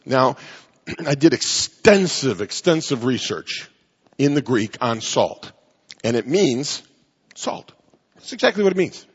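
Male preacher, husky and slightly high, emphatic pulpit delivery, muffled lo-fi sound. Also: animated, long reverb tail. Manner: emphatic preaching, drawn-out stresses and wry asides. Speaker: pastor. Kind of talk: sermon.

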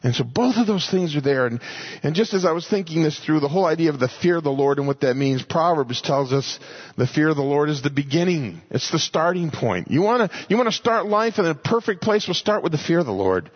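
A man's voice: fairly high pitch, lively intonation, fairly quick, slightly rough. A man teaching a sermon earnestly, often repeating words as he finds his thought. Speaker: Bible teacher. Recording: muffled lo-fi recording.

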